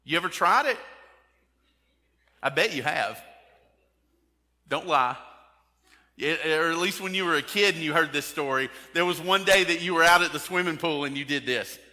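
A man preaches a conversational sermon to his congregation and keeps putting questions straight to them. His voice is bright and forceful. It rings out with a long reverb through a large sanctuary. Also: fairly high pitch, normal speed, long pauses. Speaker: pastor.

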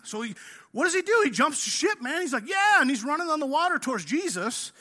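A male pastor preaching a sermon in a casual, energetic way, acting out the story as he tells it. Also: very high-pitched, fast. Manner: energetic, casual preaching, says "man" often; acts out the story.

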